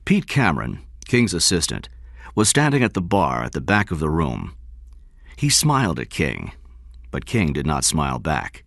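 A man reading a story aloud in expressive, measured scripted narration. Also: a bass voice, gravelly, dry recording, clean studio sound. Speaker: audiobook narrator.

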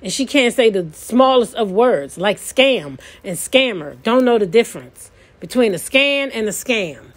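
A woman's voice: on the high side, expressive, measured pace. A woman hosting a commentary channel, talking bluntly and scolding someone, with a casual vlog delivery. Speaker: channel host.

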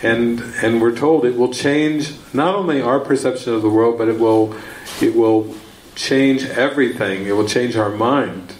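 Speaking at a measured pace in a mid-range voice, a spiritual teacher wanders through a story at a retreat teaching talk, repeating himself and erupting into excited shouted quotes. The session room echoes, and the low-quality recording has a slight hiss or hum.

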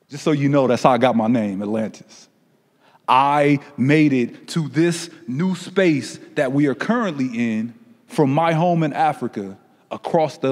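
A man's voice: medium pitch, darkish tone, natural voice. A man voicing an ancient, solemn carpet. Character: ancient carpet recalling centuries it witnessed, solemn. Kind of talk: dramatic spoken-word monologue. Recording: long reverberant room echo.

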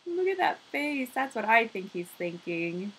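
Animated woman reading to children. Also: fairly high pitch, measured pace, a little hiss or hum, low-quality recording. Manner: animated, encouraging, talks straight to young listeners. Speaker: speech therapist reading to children. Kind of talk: children's read-aloud and activity lesson.

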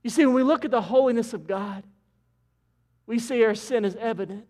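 A man pastor preaching an impassioned sermon in a church sanctuary, swinging from loud to quiet. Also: very high-pitched, brisk.

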